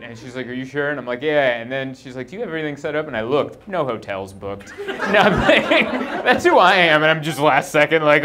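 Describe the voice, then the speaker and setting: Male stand-up comic, mid-pitched, rambling self-deprecating delivery, live club mic with laughter behind. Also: animated, fairly quick, background noise. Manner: rambling self-deprecating storytelling, acts out his own inner voice. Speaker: stand-up comedian. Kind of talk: stand-up comedy set. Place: comedy club stage before a live audience. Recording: live show with clear audience laughter.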